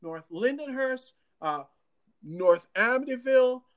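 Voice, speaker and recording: A local official talking casually to residents in an animated way, laughing often and restarting sentences. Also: high voice, a little slow. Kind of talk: casual livestream talk.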